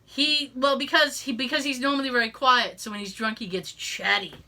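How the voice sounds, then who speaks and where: A woman's voice: sits high, steady tone, fairly quick, sharp tone. A middle-aged woman hosting a podcast, telling a story in casual chat, swearing freely and laughing as she talks. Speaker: podcast host.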